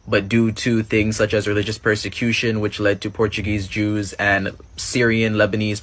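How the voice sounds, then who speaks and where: A man hosting a reaction video, giving measured, explanatory commentary. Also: lowish voice, bright, forceful tone. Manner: measured, informative.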